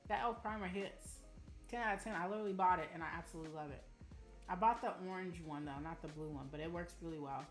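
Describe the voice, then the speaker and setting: A young woman from Arizona chatting casually with her live-stream audience, telling animated stories and calling them y'all. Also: on the low side, quick pace. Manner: chatty, animated storytelling, addresses chat as y'all. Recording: roomy room with faint music.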